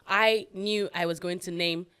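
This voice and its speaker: Low-pitched bright woman, dry close sound. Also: fairly even intonation, a little slow, clear, resonant tone, dry recording. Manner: warm, affirming, storytelling. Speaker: podcast co-host. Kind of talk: casual heartfelt chat.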